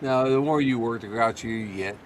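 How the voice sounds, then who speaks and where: An older retired man co-hosting a casual livestream chat, relaxed and quick to laugh. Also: mid-range voice. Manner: easygoing, laughs often. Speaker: livestream co-host.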